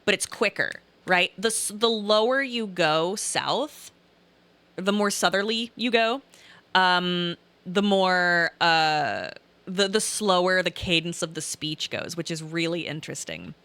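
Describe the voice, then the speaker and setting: A young woman from Southern Illinois, with a light regional accent, reads her live-stream chat aloud and laughs often as she rambles casually. Her lowish voice is a bit bright, with lively intonation, a measured pace and no echo.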